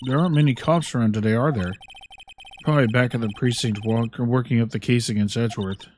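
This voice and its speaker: A man's voice: mid-range voice, fast talker, darkish tone, a little hiss or hum. A man streaming a game, reading the hero's lines aloud in a dry, matter-of-fact way. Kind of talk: casual game voice-over.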